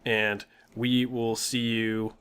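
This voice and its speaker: A man's voice: on the low side, takes it slowly, clear, resonant tone. Laughing man retelling a tabletop game. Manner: laughs often, animated retelling. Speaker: co-host of a gaming channel. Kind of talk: casual storytelling of a tabletop game.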